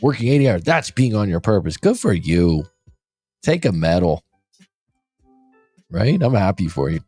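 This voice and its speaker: A man's voice: fairly low pitch, very animated, normal speed, mellow, no echo, faint music behind. A man in his forties, a life coach hosting a show, talking casually and bluntly, swearing freely. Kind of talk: casual podcast talk.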